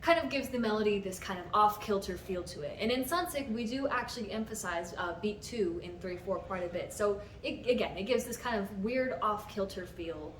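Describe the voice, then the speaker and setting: A young woman composer gives an explanatory music-theory talk about her own piece, patient and methodical, now and then counting the beats aloud. Her mid-range voice is lively in intonation, fairly quick, with few pauses. A distant mic makes it roomy, with music underneath and slight background noise.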